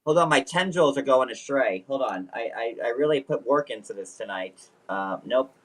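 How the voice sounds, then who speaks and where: A man hosting a relaxed recap chat, cracking jokes and teasing himself. His voice sits at an ordinary middle pitch. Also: normal speed. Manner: joking, self-mocking asides. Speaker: show host.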